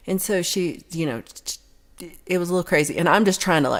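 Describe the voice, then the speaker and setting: A woman's voice: fairly low pitch, fairly quick. A woman hosting a livestream, telling a long story in a casual, rambling way with many restarts. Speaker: livestream host.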